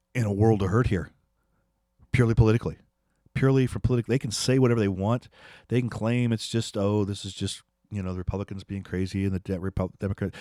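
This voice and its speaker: A man's voice: on the low side, dark tone, no room sound, studio quality. A man hosting a political commentary, ranting angrily and repeating himself as he dares his listeners to respond. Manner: angry, ranting, repetitive, challenging viewers.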